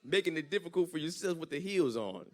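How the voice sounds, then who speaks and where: A young man performing a stand-up comedy set on a church stage, telling stories with animated delivery and squeaky impressions of his girlfriend. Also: quick pace, a faint crowd. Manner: animated storytelling with high-pitched impressions.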